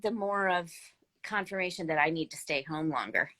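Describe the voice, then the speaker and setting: A tired woman chatting casually over a video call, slangy and animated as she tells stories. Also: on the low side, moderate pace. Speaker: co-host of a live chat. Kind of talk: casual morning chat.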